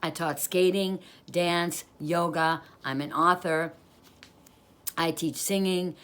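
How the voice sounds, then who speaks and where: A woman's voice: fairly low pitch, fairly even intonation, slow pace, fairly bright tone. A woman author reading from and talking about her own inspirational book, upbeat and a little preachy, rolling through long rhythmic lists. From New York.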